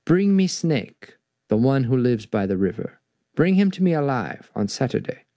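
A man's voice: mid-range voice, very animated, moderate pace, warm tone, dry recording, studio quality. Tiger, a man playing a smug Jamaican-accented tiger. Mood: scheming. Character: big strong male tiger, scheming and boastful.

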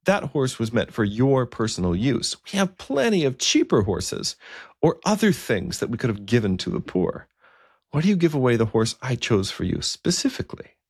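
A man's voice: mid-range voice, big pitch swings, normal speed, a little mellow, breathy edge, no room sound, studio quality, pitched above the performer's own voice. A man voicing an earnest young king who questions his bishop in a pleading, puzzled way. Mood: puzzled, reproachful.

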